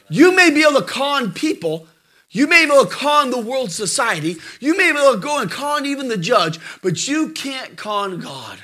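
A man's voice: very high voice, very animated, moderate pace, pushed and bright. A man preaching a sermon in a fiery, dramatic way, acting out the voices in his stories.

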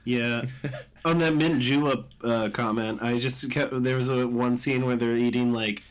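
A man's voice: mid-range voice, fairly even intonation, a little slow. A young man co-hosting a casual movie chat, laughing and making playful asides. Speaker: podcast co-host.

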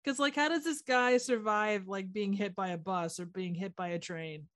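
A woman co-hosts a casual podcast and thinks aloud as she talks, full of fillers and restarts. Her voice is at a middle pitch and comes across as plainly conversational. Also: moderate pace, a bit bright. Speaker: podcast co-host. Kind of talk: casual chat.

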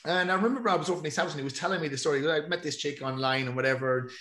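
Irish man talking loosely on a podcast, cursing often, slightly high voice, echoey room. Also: racing, a bit bright. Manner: swears freely, rambling storyteller. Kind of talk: casual chat.

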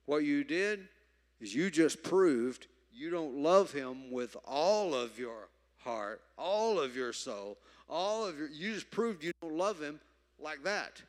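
A man preaching a sermon, emphatic, moving from loud stresses to quiet asides. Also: fairly high pitch, lively intonation, slow pace. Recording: reverberant hall.

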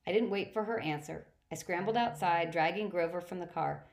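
Low-voiced woman narrating a story. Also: brisk, few pauses. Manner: steady reading with occasional slips and restarts. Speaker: audiobook reader. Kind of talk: first-person story narration.

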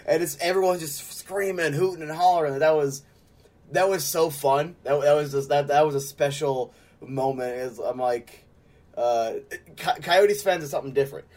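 A man's voice: a little high, moderate pace, a little mellow. A man co-hosting a casual sports podcast, rambling with lots of fillers and frequent laughter. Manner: rambling, heavy use of "like", laughs often. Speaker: podcast co-host. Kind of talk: casual chat.

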